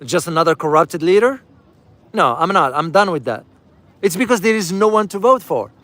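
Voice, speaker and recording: This man's voice sits high and sounds animated and fairly bright, moving at a moderate pace in a recording with no room sound. Touring a city, he gives viewers casual commentary, calling them "guys" and repeating key phrases for emphasis.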